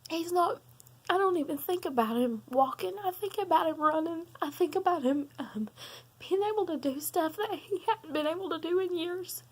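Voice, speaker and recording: A young woman, talking in an earnest, halting vlog while tearful and sobbing, with many pauses and ums. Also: extremely high pitch. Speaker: vlogger. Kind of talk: personal confessional vlog.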